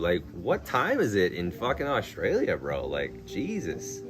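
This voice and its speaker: Blunt, low-voiced young guy streaming. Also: huge pitch swings, unhurried. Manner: blunt, swears a lot, many "like" fillers. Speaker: live streamer. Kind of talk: casual live-stream chat. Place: outdoors in a town at night. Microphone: phone. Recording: music playing behind.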